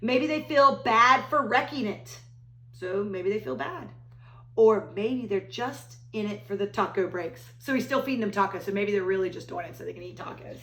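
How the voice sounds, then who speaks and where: A woman teacher reading a picture book aloud to children, animated, with gasps and exclamations. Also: mid-range voice, normal speed. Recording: roomy echo.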